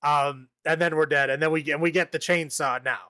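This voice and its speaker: A man's voice: a little high, fairly even intonation, moderate pace, sharp tone, clean tone, dry recording, clean studio sound. A man casually recapping a horror movie on a podcast, rambling, laughing often and acting out the characters' lines. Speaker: podcast co-host.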